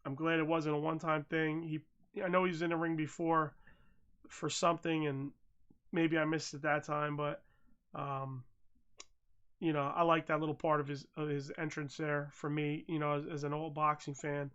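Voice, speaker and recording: An American podcast host giving casual, profane commentary that swings from mumbled asides to loud rants. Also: mid-range voice, flat delivery, normal speed, clear, resonant tone, highs cut off. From United States.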